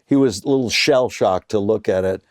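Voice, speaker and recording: A man's voice: fairly low pitch, moderate pace, no room sound, clean studio sound. A man in his sixties, a guest on a chat show, telling a story in a casual way and acting out the voices of the people in it. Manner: animated storyteller who acts out quoted voices. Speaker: guest actor.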